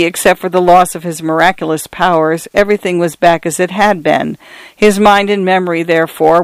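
A man reading a story aloud in a measured, dramatic way. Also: high voice, clean tone, dry recording, poor audio. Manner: dramatic, measured, lingering on phrases. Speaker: narrator. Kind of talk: storybook narration.

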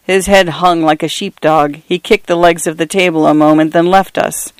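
A man narrating first-person literary fiction in a measured, even storytelling voice. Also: on the high side, clear, resonant tone, dry recording. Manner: measured, evenly paced storytelling.

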